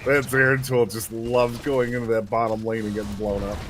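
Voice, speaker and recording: Over music and steady background noise, a man with a medium-pitched voice talks briskly. He's co-casting an esports match, delivering play-by-play in a joking, easygoing manner.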